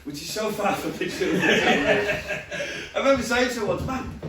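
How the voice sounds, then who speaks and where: A young man performing a stand-up comedy set, telling stories in a lively way and often laughing along. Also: high voice, unhurried, background noise. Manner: lively storytelling with frequent laughter. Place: comedy venue with live audience. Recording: roomy stage audio from far off, crowd behind.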